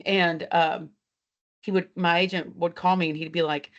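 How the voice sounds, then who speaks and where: A woman's voice: fairly low pitch, level tone, moderate pace. Chatty laughing woman on a muffled call. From Texas. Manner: chatty, laughing, swears, acts out dialogue. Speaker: country singer, guest. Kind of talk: casual interview storytelling. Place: at home, walking around the house. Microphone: video call from a laptop.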